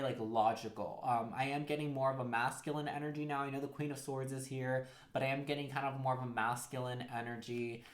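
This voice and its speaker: A man's voice: mid-range voice, echoey room. Rambling man giving a tarot reading. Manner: rambling, heavy use of "like", acts out quotes. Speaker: tarot reader. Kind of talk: casual tarot card reading.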